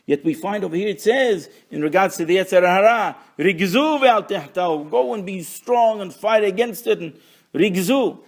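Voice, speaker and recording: A man with a gravelly, slightly high voice gives a Torah lesson. He reads Hebrew phrases aloud, translates them and explains them in a conversational teaching tone with wry asides. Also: moderate pace.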